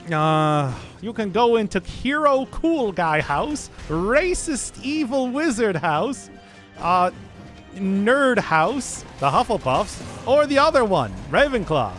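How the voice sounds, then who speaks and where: A man's voice: sits high, sing-song, takes it slowly, fairly bright tone, faint music behind. A man streaming a game, rambling in casual commentary and laughing at his own jokes.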